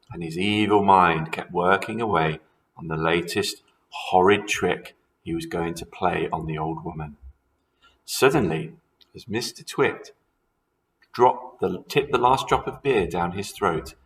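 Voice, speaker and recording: A man's voice: sits low, low-quality recording. A man who teaches primary school, reading a children's story aloud expressively and talking to his pupils.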